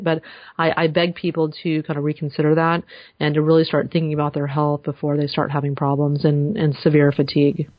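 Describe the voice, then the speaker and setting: Woman, podcast guest, enthusiastic, lots of ums, deep voice, dry lo-fi sound. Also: dry recording. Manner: earnest, enthusiastic, frequent fillers. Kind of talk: casual podcast interview. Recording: dull slightly lo-fi dry sound.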